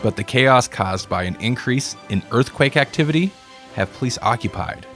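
A man reading a comedic story aloud in a relaxed way, with dry asides. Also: medium pitch, normal speed, faint music behind. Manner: relaxed, self-deprecating asides.

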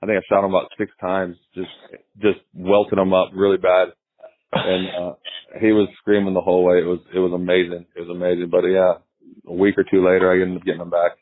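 A man with a lowish voice tells stories in a loose, rambling way, stumbling over repeated words. His voice comes through a thin, phone-like line that sounds dry and close. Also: completely flat delivery, brisk, no room sound. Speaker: former baseball pitcher, guest. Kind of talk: casual storytelling interview.

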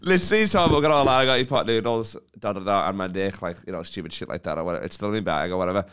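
A man's voice: low voice, expressive, racing, a bit bright, clean tone. A young man telling a long story in casual podcast chat, rambling and sweary with lots of fillers, on a faulty microphone. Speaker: comedian guest.

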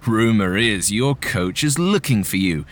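A man's voice: fairly low pitch, expressive, measured pace. A man voicing a sneering teenage boy bully in a spoken story, with a mocking, taunting manner.

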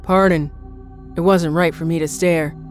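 A woman doing a gruff, guarded backwoods man. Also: fairly low pitch, steady tone, unhurried, faint music behind, lightly acted. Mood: wary. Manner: guarded, suspicious. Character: gruff burly bearded man living alone. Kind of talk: audiobook narration.

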